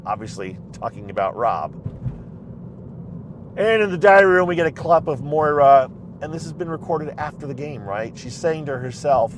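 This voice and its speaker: A man's voice: on the high side, animated, moderate pace, a little hiss or hum. Chatty man rambling in his car. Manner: chatty, rambling, many restarts and fillers. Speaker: recap vlogger. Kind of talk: casual rambling recap. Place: inside a car.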